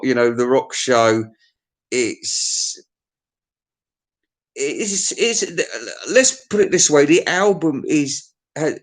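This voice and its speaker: A man giving a rambling, blunt, sweary music review, often stammering and restarting. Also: medium pitch. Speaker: album reviewer. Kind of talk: rambling casual review monologue.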